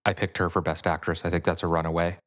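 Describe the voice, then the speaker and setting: A man co-hosting a film podcast, speaking in a measured, hedging way with dry humor. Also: low voice, level tone, a bit bright. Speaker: podcast co-host. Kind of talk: casual film discussion.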